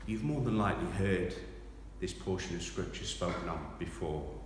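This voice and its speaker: A man preaching a sermon, reading scripture aloud with loud dramatic emphasis and then dropping to quiet reflection. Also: deep voice, normal speed, slight background noise. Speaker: pastor. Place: large church hall. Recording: echoey hall from far off.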